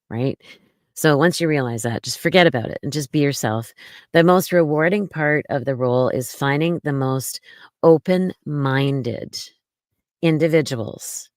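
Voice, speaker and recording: A woman with a low, gravelly voice talks slowly and reassuringly as a podcast guest, sprinkling her speech with fillers. The sound is close and dry, with no room in it. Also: no echo. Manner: slow, gentle and reassuring, with many fillers. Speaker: podcast guest, mommy domme. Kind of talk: casual interview talk.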